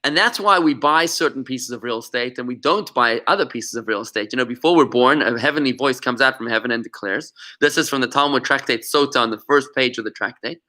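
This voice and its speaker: A man's voice: medium pitch, quick pace, hardly any pauses, bright, forceful tone. A man, a rabbi, teaching an interactive class over a video call, telling stories animatedly and often repeating words as he goes. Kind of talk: interactive online lesson.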